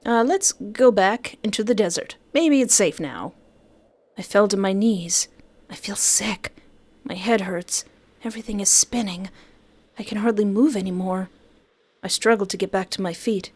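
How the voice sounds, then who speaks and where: A woman playing a horror visual novel, reading the text aloud and reacting in a jokey, dramatic way. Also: mid-range voice. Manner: animated, jokey, dramatic outbursts.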